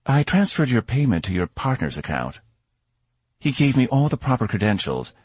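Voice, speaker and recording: A man's voice: mid-range voice, big pitch swings, moderate pace, breathy edge, no echo, pitched above the performer's own voice. A man doing a confident haughty princess. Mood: poised. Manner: confident, poised.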